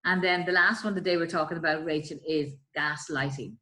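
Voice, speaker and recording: An earnest woman with a slightly low voice talks through examples in conversation. She explains patiently and slips into the voices of the people she describes. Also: steady tone, a little fast, poor audio. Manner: earnest, acts out quoted voices, trails off softly. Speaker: guest explaining bullying. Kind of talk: explanatory chat.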